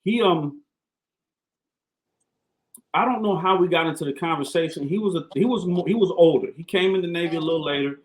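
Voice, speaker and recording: A man, a Navy command master chief, telling stories as a podcast guest in an animated, slangy way. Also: fairly high pitch, brisk, pauses often, low-quality recording. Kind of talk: casual storytelling.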